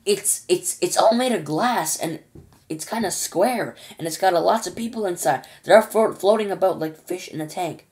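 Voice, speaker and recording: A woman's voice: fairly low pitch, moderate pace, pitched above the performer's own voice, natural voice. A woman voicing a flustered astronaut. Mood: excited. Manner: excited, stammering, urgent. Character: excitable male astronaut commander, flustered. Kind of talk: children's storybook reading.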